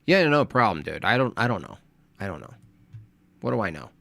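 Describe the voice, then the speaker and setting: A male streamer talking casually and rambling, often hedging and running himself down. His pitch bounces around a lot. The sound is dry and close. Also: sing-song, brisk, gravelly, bright, forceful tone, dry recording. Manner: hedging, self-deprecating, rambling. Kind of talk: casual livestream chat.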